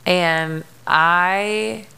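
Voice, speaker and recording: A young woman hosts her podcast in a frank, emotional monologue. Her voice has a gravelly fry, yet it stays smooth and resonant. She swears freely and leans on fillers. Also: on the low side, extremely slow, pushed and bright. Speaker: podcast host. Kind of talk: candid personal monologue.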